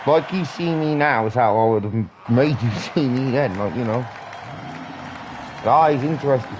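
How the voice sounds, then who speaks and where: A man's voice: medium pitch, measured pace, a crowd in the background, noisy background. A British man in his thirties rambling earnestly in a casual live-stream chat, swearing often. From Britain.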